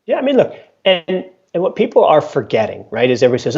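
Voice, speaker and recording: A man, an investment fund founder and guest, giving animated market commentary, emphatic and repeating his points. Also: a little high, quick pace, vocal fry, slightly rough. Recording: dull lo-fi sound.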